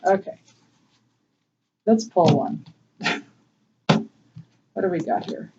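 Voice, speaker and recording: A woman giving a casual spiritual tarot reading, gentle and emotional, laughing often. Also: slow, long pauses. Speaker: tarot reader. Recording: distant, dull low-fi mic with faint noise.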